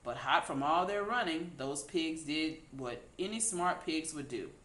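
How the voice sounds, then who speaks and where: Slow, expressive woman reading a storybook. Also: sits low. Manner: expressive, unhurried. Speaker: storybook reader. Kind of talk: children's read-aloud narration. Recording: echoey room.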